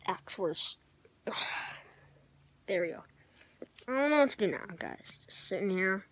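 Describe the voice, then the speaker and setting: A woman's voice: medium pitch, big pitch swings, measured pace. Rambling young vlogger girl in her bedroom. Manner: rambling, self-mocking, trailing off with sighs and whispers. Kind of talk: rambling casual vlog to camera. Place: bedroom, on a bunk bed.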